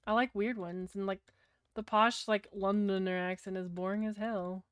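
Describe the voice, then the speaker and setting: A British woman rambles to her stream chat in a blunt, profanity-laced way. Her voice is smooth and resonant at a middling pitch. The sound is close and dry, with no room around it. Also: fairly even intonation, moderate pace, no room sound. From Britain. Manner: blunt, sweary, rambling, chatting to her viewers. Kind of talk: casual livestream chat.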